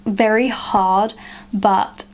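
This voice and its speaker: Young woman, casual vlog chat, lots of "like" fillers, mid-pitched voice. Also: fairly even intonation, very slow. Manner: chatty, frequent "like" fillers. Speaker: vlogger.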